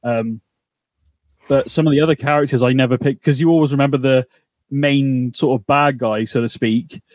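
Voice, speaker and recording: A man co-hosting a podcast, chatting casually and excitably, swearing and laughing as he goes. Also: mid-range voice, normal speed, no room sound. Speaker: podcast co-host. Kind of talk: casual recap chat.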